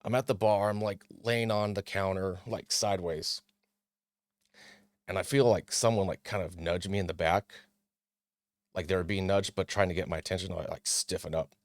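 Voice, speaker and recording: A man with a fairly low voice hosts a casual talk show, reading an article and commenting on it. He slips into mocking impressions of other people. The recording is dry and close. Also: fairly even intonation, normal speed, no echo. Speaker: podcast host.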